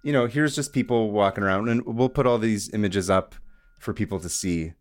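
A man's voice: on the low side, fairly quick, no echo. A young man hosting a casual podcast chat, telling a story in a rambling way with frequent laughs and jokey asides. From Iran. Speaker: podcast host.

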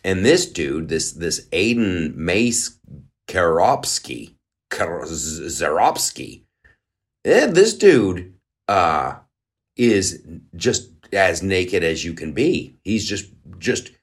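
A man's voice: low-pitched, big pitch swings, slow, husky. A man hosting a podcast, riffing in a loose comedic monologue full of restarts and mocking asides. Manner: rambling, lots of uh fillers and restarts, mocking. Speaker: podcast host. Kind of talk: casual comedic commentary.

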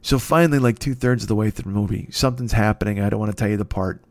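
A man in his fifties telling a rambling story in a casual, profane and excitable way. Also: on the low side, rapid-fire, no echo. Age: 50s.

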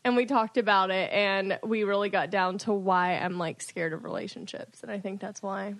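A woman guest on a podcast in casual chat, rambling with lots of "like" and quick laughs. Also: mid-range voice. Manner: rambling, filler-heavy, laughing.

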